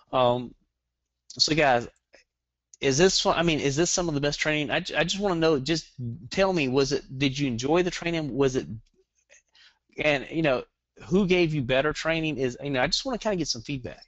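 Fast-talking Southern man on a webinar. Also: a little high, animated, a bit bright, no echo. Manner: rambling, joking, fast-talking. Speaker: guest webinar trainer. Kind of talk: online marketing webinar. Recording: dull lo-fi dry webinar audio.

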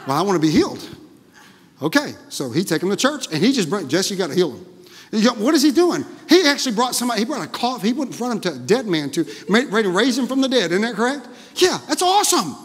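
A male pastor with a high, husky voice delivers a fast, energetic sermon in a church sanctuary, exclaiming and repeatedly asking the congregation "Amen?" The large hall gives the recording a long reverb.

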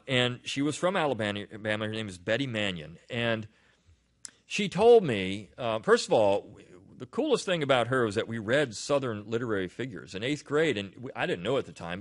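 A man hosts a weekly roundup in a loose, conversational way, drifting into asides and restarting his sentences as he goes. His pitch moves a lot, rising and falling with emphasis. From Delaware. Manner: rambling, with frequent restarts and asides. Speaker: podcast host. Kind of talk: casual spoken commentary.

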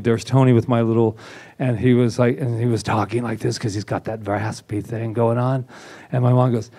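A man's voice: mid-range voice, level tone, fairly quick, a little mellow. Theatrical male reverend telling a story. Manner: theatrical, self-mocking, acts out quotes. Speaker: reverend presenting at a spiritual center. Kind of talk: animated storytelling talk.

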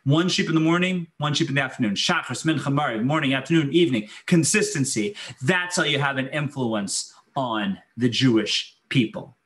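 A man giving a Torah lecture as a rabbi, telling the story with lively energy and acting out the voices he quotes. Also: mid-range voice, moderate pace, hardly any pauses. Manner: animated, acts out quoted voices, laughs while telling.

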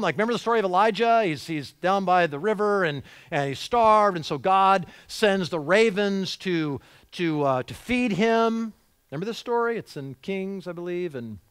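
A middle-aged male pastor preaching a sermon in a church, animated, acting out quoted voices and moving between loud emphasis and hushed lines. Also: fairly high pitch, clean tone, dry recording. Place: church sanctuary.

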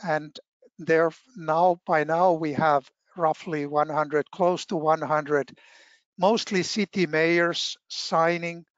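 A man with a slightly high voice presents to a webinar very slowly, pausing often with fillers. The video-call sound is dull and dry. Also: no echo. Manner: measured, with frequent filler pauses. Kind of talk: formal presentation.

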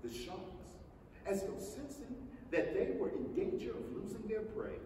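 Man, high voice, slow lively storyteller, echoey hall, mic far off. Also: a little hiss or hum. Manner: animated, theatrical storytelling with shifting character voices. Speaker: reader. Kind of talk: staged reading of a children's novel. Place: theatre stage before an audience.

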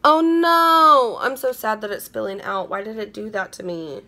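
A young woman talks straight to her camera at home as she unboxes beauty products. Her voice is bright and lively, and she gushes and repeats herself as she goes. A faint hiss runs under the recording. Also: mid-range voice, fairly quick. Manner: bubbly, gushing, repeats herself. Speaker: beauty vlogger. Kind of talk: casual unboxing chat. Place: indoors at home.

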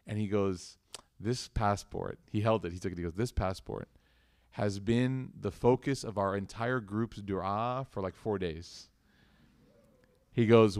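A man's voice: fairly low pitch, unhurried, a little mellow, no room sound, clean studio sound. A man teaching a religious class, telling a story casually and animatedly before closing in prayer. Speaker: Islamic teacher.

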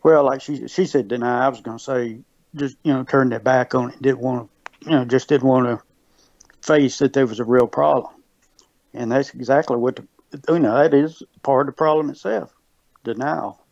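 A man's voice: mid-range voice, fairly even intonation, normal speed, creaky, darkish tone, no echo. A man from Mississippi with a Mississippi Southern accent, a guest talking earnestly in a casual conversation, often repeating himself and restarting. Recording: dull lo-fi recording.

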